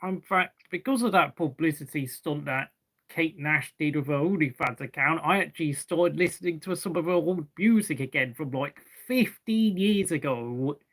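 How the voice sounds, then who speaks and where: A man's voice: a little high, normal speed, fairly bright tone. A young man hosting a live race watchalong, chatting casually and rambling to fill the gaps between race updates. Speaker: watchalong host.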